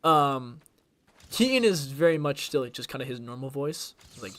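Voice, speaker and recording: A man's voice: medium pitch, animated, moderate pace, fairly bright tone. A young man streaming a video game, rambling casually and trying out voice impressions between moves. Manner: chatty, jumps between topics, tries voice impressions.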